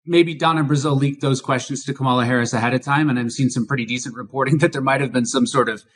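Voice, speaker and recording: A man's voice: medium pitch, fairly even intonation, quick pace, fairly bright tone. A man co-hosting a political podcast, talking emphatically and asking rhetorical questions. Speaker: podcast co-host. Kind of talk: political commentary.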